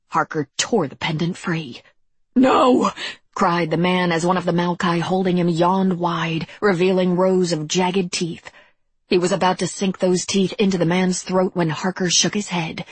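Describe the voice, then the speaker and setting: Woman, audiobook narration, measured delivery, low husky voice, dry close recording. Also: little pitch movement, dry recording. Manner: measured, deliberate storytelling.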